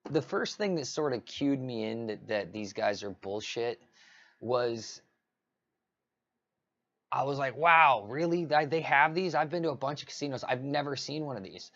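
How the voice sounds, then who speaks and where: Guy rambling on a live stream, mid pitched, audio a bit muffled. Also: lively intonation, normal speed, long pauses. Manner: rambling, many restarts and fillers. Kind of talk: casual livestream rant.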